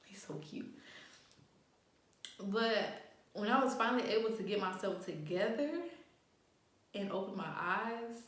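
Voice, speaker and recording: A young adult woman vlogger tells a casual storytime in a very echoey room, speaking at medium pitch and a moderate pace. She's loose, animated and profane, acting out the quotes.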